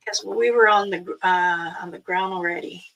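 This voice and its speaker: A woman's voice: fairly low pitch, steady tone, moderate pace, gravelly, fairly bright tone. A middle-aged woman hosting a livestream, telling stories in a casual chat, acting out quoted dialogue and laughing often. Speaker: livestream host. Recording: voice a bit far from the mic.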